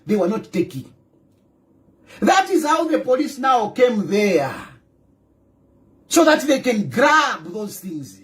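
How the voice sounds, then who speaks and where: A man with a Zambian accent rants about politics in a fierce, animated voice that swings up and down. He drives each point home by repeating himself and throwing rhetorical questions at the listener, and he slips local-language phrases in among the English. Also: extremely high pitch, takes it slowly, pauses often. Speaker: political commentator. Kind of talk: ranting monologue.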